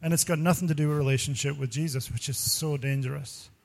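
A pastor with a voice slightly higher than most men's talks fast, with vocal fry, rambling through personal stories in a loose, unscripted sermon. He is animated and laughs often, and faint music plays behind him.

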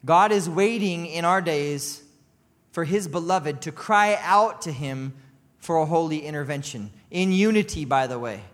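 A man preaching a sermon with passion. He rises to loud cries and breaks off for chuckling asides. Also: a little high, a little slow. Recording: long hall reverb.

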